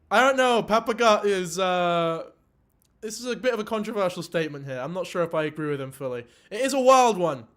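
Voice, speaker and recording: A man's voice: high voice, a bit bright. A man giving casual, rambling commentary on a clip he is reacting to, swearing offhand. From Ireland. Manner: rambling, swears casually, laughs while talking.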